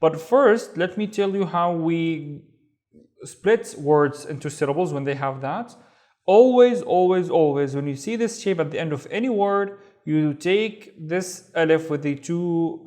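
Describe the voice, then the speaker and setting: Higher-voiced man teaching Arabic patiently. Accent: Saudi Arabic. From Saudi Arabia. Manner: patient, repeats words slowly for practice. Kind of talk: step-by-step language lesson.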